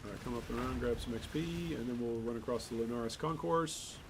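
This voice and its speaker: A man talking casually over his gameplay, at a middle pitch for a man. He rambles and drifts into exasperated asides, with faint ambient noise in the background. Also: fast. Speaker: gaming channel host.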